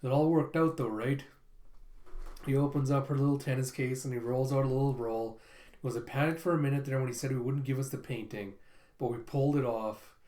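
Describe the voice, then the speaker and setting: A man hosting an anime reaction video, recapping scenes excitedly and reading every character's lines himself. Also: medium pitch, a little fast. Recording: roomy echo.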